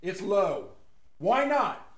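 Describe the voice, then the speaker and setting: A man with a fairly high voice rambles through a casual, opinionated monologue. He mocks his targets and chuckles at his own jokes. His voice rings in an echoey room. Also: very animated, extremely slow, a bit bright. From West Texas.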